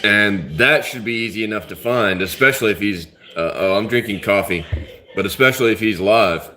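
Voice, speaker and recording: A man's voice: lowish voice, fairly quick, pushed and bright, slight background noise. A man hosting a live stream, chatting casually and rambling with his viewers. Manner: rambling, laid-back, chats with commenters. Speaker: livestream host.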